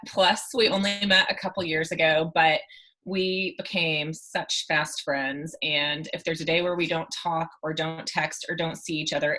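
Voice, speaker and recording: Woman, low voice, bright sharp tone, sincere affectionate toast, video call. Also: poor audio. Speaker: friend giving a birthday toast.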